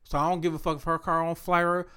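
A man telling a personal story in a casual chat, blunt and profane, retelling events with animated, acted-out quotes. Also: fairly high pitch, fast, clean tone.

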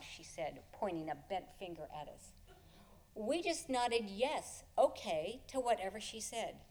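A woman telling a personal story before an audience, expressive and often chuckling as she tells it. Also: mid-range voice, a little slow, slight background noise.

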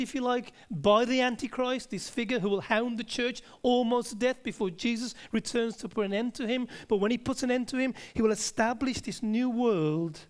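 A man preaching a sermon, emphatic and conversational, with asides to the congregation and key words dropped to a near-whisper. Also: sits high.

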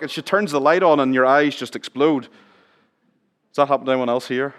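A middle-aged man preaching a sermon in church, chatting with the congregation, asking them questions and dropping his voice low for emphasis. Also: fairly even intonation, fairly quick. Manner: conversational, asks the congregation questions, drops to near whisper for emphasis. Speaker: pastor.

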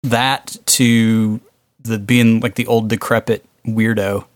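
A man's voice: lowish voice, little pitch movement, slow, no echo. Laughing, curious podcast co-host, man. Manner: laughs often, asks questions. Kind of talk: casual chat.

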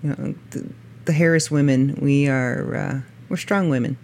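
A middle-aged woman with a low voice, hosting a podcast in a chatty, self-mocking way and laughing often. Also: moderate pace, a little mellow, a little hiss or hum. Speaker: podcast host. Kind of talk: casual podcast monologue.

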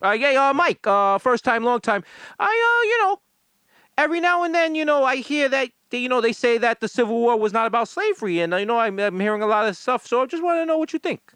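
A man's voice: very high-pitched, big pitch swings, fast talker, pushed and bright, clear, resonant tone, no room sound, pitched above the performer's own voice, exaggerated voice. A man voicing a hesitant male sports-radio caller who stammers through filler words. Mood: nervous.

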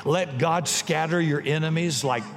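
A man preaching a sermon in a folksy, punchy way, often rising to shouts and telling jokes. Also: a little high, measured pace. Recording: long hall reverb.

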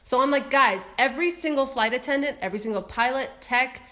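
A woman chatting casually, telling a frustrated story with lively exasperation and frequent laughter. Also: sits high, fairly quick. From Ethiopia. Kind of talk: casual chat.

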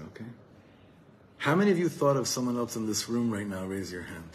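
A man's voice: lowish voice, very animated, brisk, slight background noise, poor audio. A man from Los Angeles, a rabbi giving an earnest, heartfelt talk to a live evening gathering. He often repeats words while searching for them and weaves Hebrew terms into his speech. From Los Angeles, USA.

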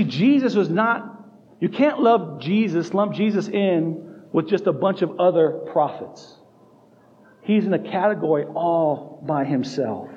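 A man's voice: on the high side, warm tone. A man preaching a sermon as pastor, emphatic, repeating key phrases and restarting his sentences. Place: church sanctuary. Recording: dull sound with long hall reverb.

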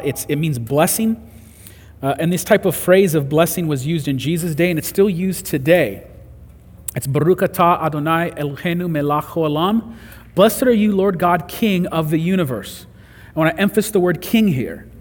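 A man's voice: fairly high pitch, breathy edge. A man preaching a sermon, earnest and conversational, rising to emphatic peaks. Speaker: pastor. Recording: long hall reverb.

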